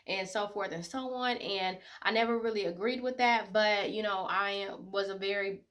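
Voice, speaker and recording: Young woman, 20s, vlogger; bright, soft-spoken, sincere, loose casual delivery. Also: medium pitch, normal speed. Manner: emotional, tearful at times, many fillers. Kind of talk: casual personal talk to camera.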